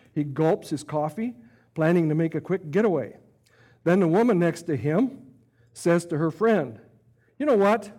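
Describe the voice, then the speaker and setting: A man preaching a sermon who retells a story in a vivid, animated way. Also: fairly high pitch.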